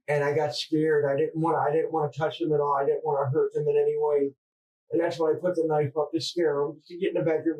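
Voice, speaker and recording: A man confessing under police interrogation, halting and distressed, stammering through restarts. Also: fairly high pitch, darkish tone. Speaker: murder suspect under interrogation. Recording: distant mic in interrogation room.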